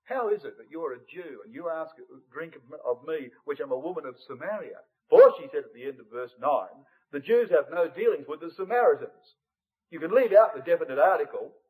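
A man's voice: on the high side, a little mellow, poor audio. A man giving an expository Bible study sermon, addressing the brethren and sisters and reading scripture aloud.

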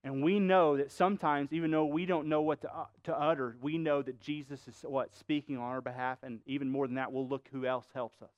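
A man's voice: mid-range voice, fairly even intonation, a little fast, hardly any pauses, no room sound, muffled recording. A male pastor preaching a sermon, emphatic, quizzing the congregation with rhetorical questions.

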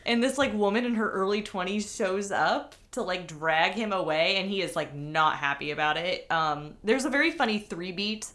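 A woman's voice: mid-range voice, moderate pace, few pauses, a bit bright. A woman co-hosting a casual chat podcast, effusive and gushing, with lots of "like" fillers. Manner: effusive, gushing, heavy use of "like". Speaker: podcast co-host.

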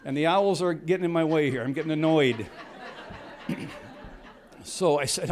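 Older male storyteller, slightly raised pitch, loose rambling delivery with frequent chuckles and restarts. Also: normal speed, long pauses. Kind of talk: casual anecdote telling.

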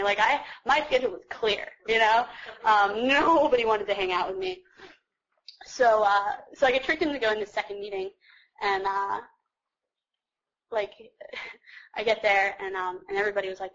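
A woman's voice: fairly high pitch, moderate pace, fairly bright tone, lo-fi sound. A young woman sharing her personal story with a group in a chatty, self-mocking way, full of fillers. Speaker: speaker sharing her story at a recovery meeting.

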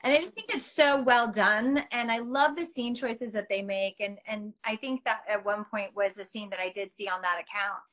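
A middle-aged woman being interviewed as a guest actress over a video call, chatting casually in an animated, self-mocking way with lots of fillers. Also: medium pitch, moderate pace, few pauses, poor audio.

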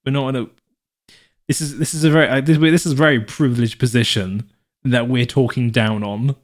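A man with a medium-pitched voice and fairly even intonation talks briskly as a podcast co-host in casual chat. He rambles, corrects himself, and restarts often with lots of fillers, bringing anecdotes to life with put-on voices.

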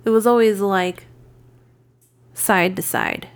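Slow-talking laid-back woman. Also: mid-range voice, steady tone. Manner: laid-back, brief replies, casual swearing. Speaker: podcast co-host. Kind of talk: casual chat.

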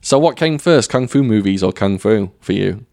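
A man interviews a martial arts teacher, feeling his way through tentative, self-deprecating questions full of fillers. His pitch swings up and down in a lively way. The recording is dry and close. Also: normal speed, dry recording.

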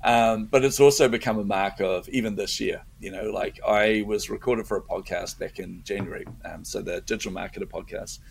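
A middle-aged man speaks as an interview guest in a low, gravelly voice. He tells stories with lively energy, often laughing and stumbling over repeated words. A faint hiss sits under the recording. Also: a little fast, hardly any pauses. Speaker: guest entrepreneur. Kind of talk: casual interview chat.

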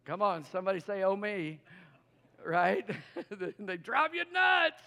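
In a church sanctuary with long hall reverb, a pastor preaches a sermon in a high, sing-song voice that is slow, sharp, and marked by vocal fry. He coaxes the congregation into call-and-response and laughs often and playfully.

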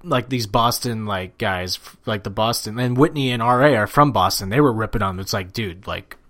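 A young man chatting casually about sports as a podcast co-host, animated and swearing freely, with plenty of fillers. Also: lowish voice, brisk.

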